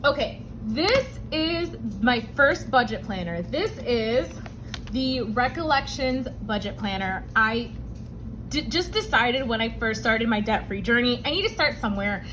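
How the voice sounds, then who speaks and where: Emotional woman vlogger, slightly high voice. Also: lively intonation, measured pace, background noise. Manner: emotional, tearful at times, addresses viewers as y'all. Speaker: budgeting channel host. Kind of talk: personal vlog storytelling.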